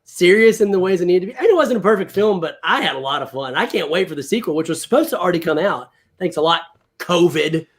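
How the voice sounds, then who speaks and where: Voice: medium pitch, animated, fast talker, husky. A livestream host chatting casually about comics and films, thinking aloud. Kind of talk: casual chat.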